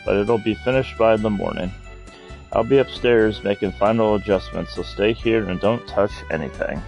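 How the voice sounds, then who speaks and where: A gruff old airship builder. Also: male voice, lowish voice, normal speed, a little mellow, soft background music. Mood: grumpy. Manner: curt and dismissive. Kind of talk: game voice acting.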